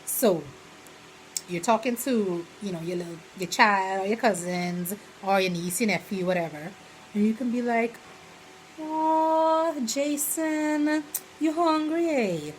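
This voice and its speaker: A young woman with a Bahamian accent talks through a casual vlog in a relaxed, rambling way. Her voice sits in a middle pitch, and she often breaks into animated little quoted examples. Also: normal speed, slight background noise, low-quality recording. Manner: chatty, rambling, full of "you know" fillers; slips into lively quoted examples. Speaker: vlogger.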